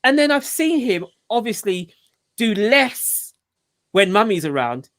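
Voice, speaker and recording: A man talks in a loose, rambling way during a casual group video chat. His voice sits fairly high and swings widely in pitch, and he keeps starting his sentences over. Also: sing-song, measured pace, fairly bright tone. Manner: chatty, rambling, with frequent restarts and "you know". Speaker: channel host and father.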